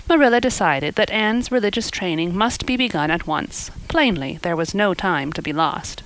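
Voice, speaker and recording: A woman reading a classic novel aloud as audiobook narrator, clear and measured. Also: fairly low pitch, fairly bright tone, no room sound, poor audio. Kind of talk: scripted narration.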